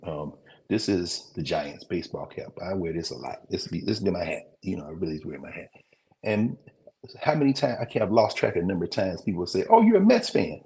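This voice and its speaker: Man with a really low voice lecturing, chatty, keeps going off on tangents. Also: darkish tone. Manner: conversational, digressive, with mid-sentence recall pauses. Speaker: teacher hosting a class show. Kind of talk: lecture, talking to viewers.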